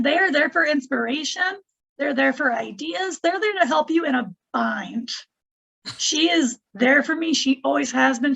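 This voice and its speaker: Woman, high and gravelly, heartfelt team tribute near tears, dull lo-fi audio. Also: a bit bright. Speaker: team member. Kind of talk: emotional tribute on a call.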